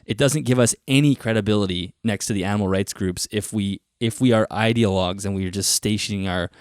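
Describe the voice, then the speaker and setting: A man hosting a podcast, talking quickly and thoughtfully as he asks questions. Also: on the low side, clear, resonant tone, dry recording, studio quality. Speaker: podcast host. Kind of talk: casual podcast interview.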